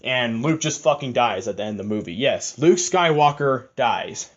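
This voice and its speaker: A man's voice: mid-range voice, animated, normal speed. A young man giving a rambling, profane, casual film review, full of fillers and restarts. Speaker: movie reviewer. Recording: slightly muffled lo-fi audio.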